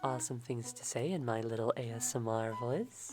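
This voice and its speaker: Young woman streamer, very deep soft voice, unhurried ASMR murmur, faint music under her. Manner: slow, murmuring and drawn-out, with sudden delighted exclamations.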